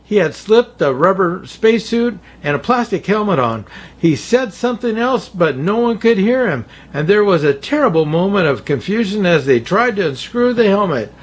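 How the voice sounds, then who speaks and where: Man, storybook narrator, husky, animated pitch, chuckles at slips. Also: normal speed. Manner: warm, chuckles at his own slips. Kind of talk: read-aloud children's story.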